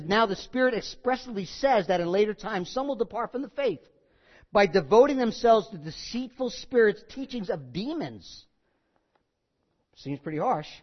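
A man's voice: high voice, lo-fi sound. A man preaching a sermon, reading scripture with rising force and dropping into wry asides.

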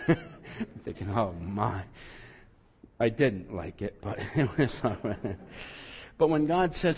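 Conversational preacher in a reverberant hall. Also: male voice, lowish voice, lively intonation, unhurried, pauses often, slightly rough. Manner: conversational, self-deprecating, acts out quotes with rising emphasis. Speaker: pastor. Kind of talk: sermon. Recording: muffled, long hall reverb.

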